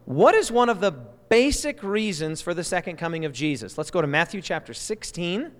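A man with a notably high voice leads a church Bible lesson, lively and quick to toss questions at the group. His voice rings out with a long reverb, as if filling a large hall. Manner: lively, quizzes the audience. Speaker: Bible study teacher.

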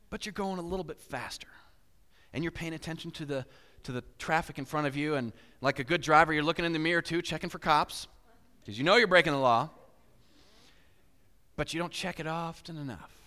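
Animated preacher man in a reverberant hall. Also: fairly high pitch, a little fast. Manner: animated, acts out inner voices with big swings. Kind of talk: sermon with storytelling.

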